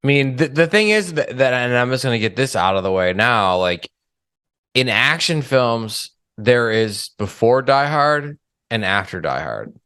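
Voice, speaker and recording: A man co-hosting a casual film discussion, relaxed and a little hesitant as he talks. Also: medium pitch, measured pace, smooth, no echo, studio quality. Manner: relaxed, hesitant, many fillers. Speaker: podcast co-host.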